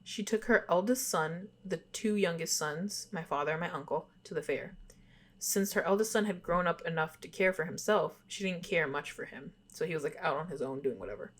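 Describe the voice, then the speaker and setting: Young woman podcast cohost, lowish voice, reading creepy stories, giggles and says sorry a lot. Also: fairly quick. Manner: giggly, apologetic about stumbles while reading. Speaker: podcast co-host. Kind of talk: reading spooky stories aloud, casual chat.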